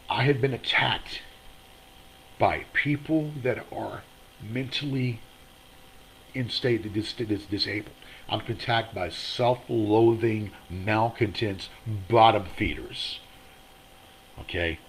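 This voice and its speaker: A man's voice: fairly low pitch, fairly bright tone, slight background noise, poor audio. A man hosting his own online show, ranting in a rambling, aggrieved way and repeating himself. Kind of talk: angry livestream monologue. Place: motel room.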